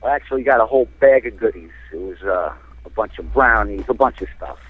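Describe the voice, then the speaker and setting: A man's voice: on the low side, fast talker, husky, no room sound. Jersey man telling a story over the phone. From New Jersey. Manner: animated, rambling with many fillers. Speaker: caller. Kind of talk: casual storytelling. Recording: tinny phone line.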